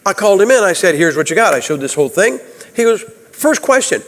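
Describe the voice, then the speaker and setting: A Baptist preacher man delivers a homespun sermon, peppering it with questions to the congregation. His voice sits a little high for a man. The sound rings with the long reverb of a church sanctuary. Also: very animated, fairly quick, fairly bright tone. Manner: folksy, conversational, asks the audience questions.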